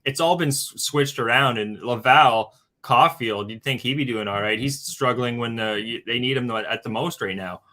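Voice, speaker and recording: A man's voice: medium pitch, normal speed, hardly any pauses, pushed and bright. A man talking as a guest on a betting show, giving his hockey pick in loose chat full of fillers, often calling listeners guys. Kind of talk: casual sports betting talk.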